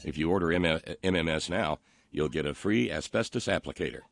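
A man's voice: rumbling low, vocal fry, heavy background noise. A man hosting a political talk show, reading listener comments and mocking the news with sarcasm and lots of ums and uhs. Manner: mocking, sarcastic, halting with many fillers.

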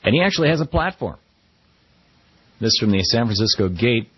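A man's voice: medium pitch, big pitch swings, fairly quick, breathy edge, dry recording, muffled recording. A middle-aged man hosting a radio talk show, giving wry, conversational commentary on the news. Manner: wry, conversational, quotes people in mock voices.

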